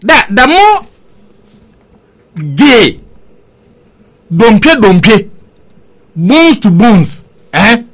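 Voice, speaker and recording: A man's voice: high-pitched, sing-song, extremely slow, pauses often, fairly bright tone. A Ghanaian man giving emphatic political commentary on a radio talk show, mixing in English phrases.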